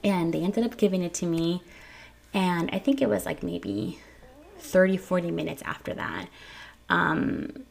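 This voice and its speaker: A woman's voice: on the low side, lively intonation, measured pace, gravelly. A young woman, a new mother, candidly telling her birth story to viewers in a casual way, stumbling over repeated words. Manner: candid, repeats words when emotional, addresses viewers directly. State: tearful at times.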